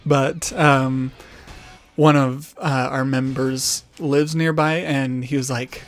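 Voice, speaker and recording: Casting: young guy hosting his channel, relaxed rambling storyteller, faint music bed. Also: medium pitch, slow pace. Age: young adult. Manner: rambling, many ums and restarts. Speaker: gaming channel host. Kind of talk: casual storytelling vlog.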